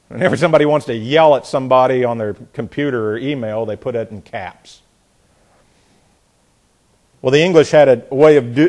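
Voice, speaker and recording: A middle-aged man teaching a Bible passage verse by verse, deliberate and emphatic, often repeating words as he works through a thought. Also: mid-range voice, a little mellow.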